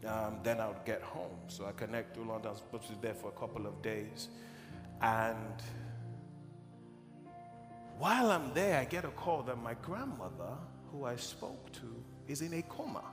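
A man from Nigeria preaching, telling a personal testimony as an emotional, animated storyteller in a large church hall. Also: medium pitch, normal speed. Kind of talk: sermon storytelling. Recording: echoey hall with music.

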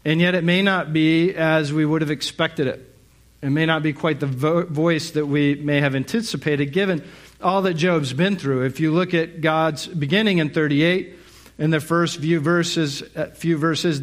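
A middle-aged man preaching a Sunday sermon in a slightly higher register. He moves through reflective, searching thoughts and leans on rhetorical questions, with the odd filler between his points. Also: fairly even intonation, moderate pace. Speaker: pastor.

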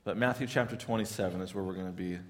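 A male pastor preaches a sermon in a church in a conversational way, often repeating words and rising into loud, pleading questions. His voice is low-pitched and quick, with a long reverb tail.

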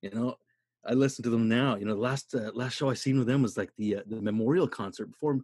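A man's voice: mid-range voice, fast, darkish tone, slightly rough, no room sound, clean studio sound. A man in his thirties hosting a podcast, telling casual stories in a laid-back way, full of swearing and "dude". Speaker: podcast host. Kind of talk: casual chat.

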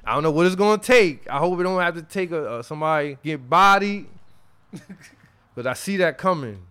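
A man hosting a podcast in casual chat, reading listener emails aloud in an animated, slangy way and laughing along. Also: fairly high pitch, moderate pace, clear, resonant tone. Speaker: podcast host.

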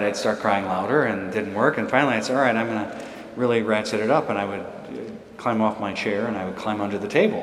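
A man's voice: on the low side, slight background noise. A man giving a homily in a conversational, storytelling way, chuckling now and then. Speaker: priest. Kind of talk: sermon. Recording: echoey church hall.

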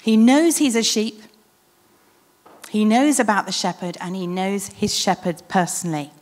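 A woman preaching a sermon in an earnest, reflective way, with emphatic repetition and often dropping to a soft hush. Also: mid-range voice, fairly even intonation, moderate pace. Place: church hall. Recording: church hall with long reverb.

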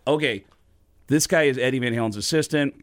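Comedian guest, male, animated storyteller, dry close sound. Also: a little fast, no echo. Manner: animated, jumps into high excited voices when quoting people. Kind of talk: casual storytelling.

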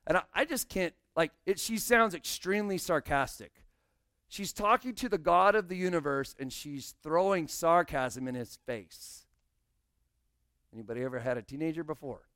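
A man's voice: a little high, moderate pace, fairly bright tone, no echo, clean studio sound. A male pastor preaching a sermon, explaining scripture and speaking directly to his congregation.

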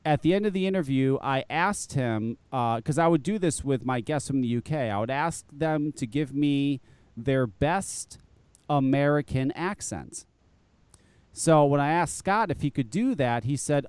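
A man's voice: medium pitch, expressive, a little slow, darkish tone, clear, resonant tone, no room sound. A man hosting a live online show, chatting casually, laughing often and swearing freely. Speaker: podcast host.

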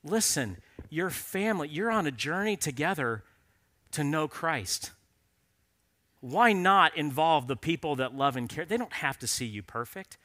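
A man's voice: a little high, expressive, unhurried, bright, forceful tone. A man preaching a sermon in an earnest, conversational storytelling way, appealing directly to men in the audience.

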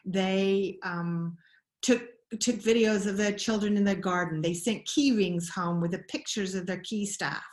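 A middle-aged woman explains her views in a conversational interview. She thinks aloud, pausing and restarting sentences as she goes. Her voice sits at an ordinary pitch, and the room around her adds a clear echo. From Scotland. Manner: thoughtful, many restarts and pauses. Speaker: guest expert on child attachment. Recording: roomy echo.

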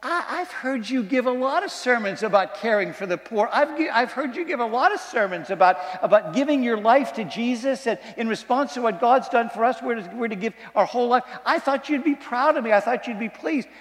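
A man's voice: very high voice, expressive, brisk, hardly any pauses, voice pushed up. An earnest young woman pleads and insists with her father, as a male preacher puts her on. The voice rides well above his own and rings out in a long echoing hall. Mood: pleading.

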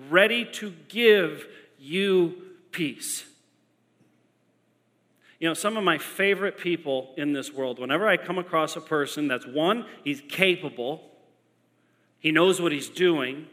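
Bright-voiced preacher in an echoing hall. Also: male voice, on the high side. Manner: animated storytelling with emphatic repetition. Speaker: pastor. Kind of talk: sermon. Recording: long echo of a large hall.

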